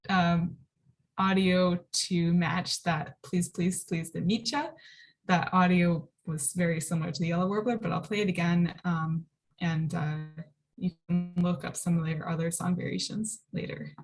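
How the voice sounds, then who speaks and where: A woman with a slightly low voice gives an easygoing presentation over a video call. She talks loosely, filling her pauses with ums and likes. The pace is conversational, like an informal class. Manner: relaxed, frequent ums and likes. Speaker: birding presenter. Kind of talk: casual online slide lecture.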